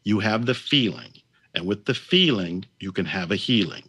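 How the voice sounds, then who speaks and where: Male guest teacher, lowish voice, calm and reverent meditation guide. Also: slightly rough. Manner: slow, gentle, reverent guiding.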